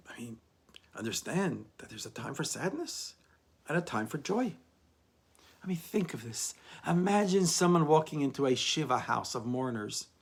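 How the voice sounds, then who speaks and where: Male rabbi teacher, husky voice, lively storytelling delivery. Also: fairly high pitch. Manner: animated storyteller, frequent "I mean". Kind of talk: storytelling Torah lesson.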